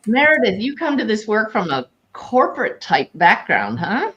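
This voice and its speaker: A woman hosting a spiritual question-and-answer talk as a medium, chatting in a lively way and laughing easily. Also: mid-range voice, moderate pace, dull audio, slight background noise. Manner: warm, animated, laughs easily. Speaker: host and medium.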